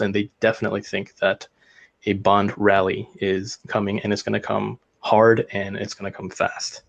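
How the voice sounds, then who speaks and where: Gravelly low-voiced man explaining markets. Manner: earnest, explanatory, loses his thread. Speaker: guest speaker. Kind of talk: casual market discussion.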